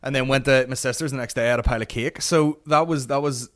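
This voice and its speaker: A Northern Irish man in his late twenties rants his way through a comic story for his podcast. He swears freely and talks in a mid-pitched, everyday voice, with animated bursts. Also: quick pace. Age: late 20s. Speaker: podcast host.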